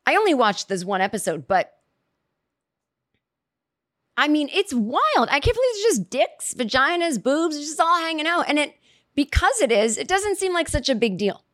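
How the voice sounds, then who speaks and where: A woman's voice: sits high, normal speed, no room sound. Rambling comedic woman, dry close mic. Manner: rambling, animated storytelling with quoted asides. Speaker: podcast host. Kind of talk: comedic monologue.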